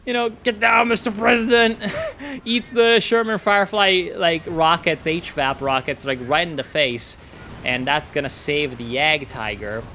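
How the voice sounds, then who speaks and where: Bright, excitable male game caster. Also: fairly high pitch, measured pace, slight background noise. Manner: excitable, swears and rants at players. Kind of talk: casual gameplay commentary.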